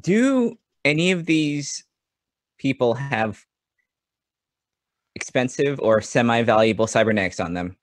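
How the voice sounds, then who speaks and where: Hesitant guy thinking out loud at a game table, pitch all over, dry sound. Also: animated, unhurried, pauses often, dry recording. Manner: hesitant, musing, with filler words. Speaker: player. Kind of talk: casual tabletop game chat.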